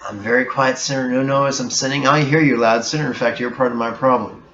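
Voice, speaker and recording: A man's voice: medium pitch, steady tone, pushed and bright, natural voice. A man putting on a folksy drawling Southern teacher. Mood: playful. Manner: folksy, quick, teasing. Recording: echoey room, dull sound, faint hiss.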